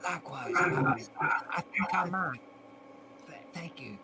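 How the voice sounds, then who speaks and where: A man playing a tabletop game stammers and hesitates through his lines. His voice sits a little high. Noise runs clearly behind him. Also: expressive, a little slow. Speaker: player.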